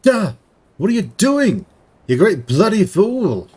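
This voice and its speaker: A man's voice: sits high, very animated, slow, a little mellow, breathy edge, pitched above the performer's own voice, full character voice. An indignant young shipwright, outraged and pleading, as a man acts him out. He speaks with a raised, shocked tone that leaps around a lot. The voice carries the strain of someone fighting for something he built.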